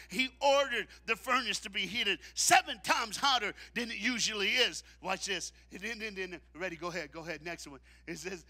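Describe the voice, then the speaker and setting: High, bright fiery preacher man. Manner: dramatic, swings from shouting to hushed; call-and-response with the crowd. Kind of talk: sermon. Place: church auditorium.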